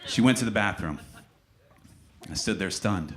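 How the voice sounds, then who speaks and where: Deadpan young male stand-up comic. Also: fairly low pitch, normal speed, pauses often, slight background noise. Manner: dry, deadpan delivery that sinks into mock-solemn quiet. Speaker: stand-up comedian. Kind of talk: stand-up comedy set. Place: comedy club stage.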